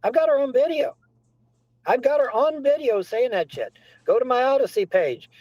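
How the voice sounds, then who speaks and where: High-voiced man ranting insistently. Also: lively intonation, normal speed, darkish tone, dry recording, highs cut off. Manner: rambling, repetitive, profane, insistent. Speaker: guest. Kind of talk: heated phone-in rant.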